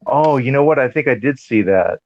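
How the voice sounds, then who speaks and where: A man's voice: mid-range voice, animated, fairly quick, no room sound, muffled recording. A man co-hosting a casual podcast chat, teasing the others and laughing often. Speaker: podcast co-host. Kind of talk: casual group chat on a stream.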